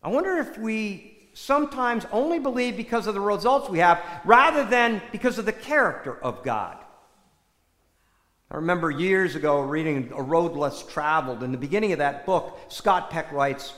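A man's voice: sits high, expressive, normal speed, a bit bright. A man preaching a conversational sermon in a large church hall, putting rhetorical questions to the listeners. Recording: echoey hall with long reverb.

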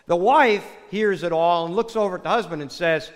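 A man preaching a sermon, telling a joke in a folksy, animated way before turning to a Bible reading. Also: high voice, a little fast. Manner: folksy storyteller, animated with acted quotes. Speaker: pastor. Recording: long hall reverb.

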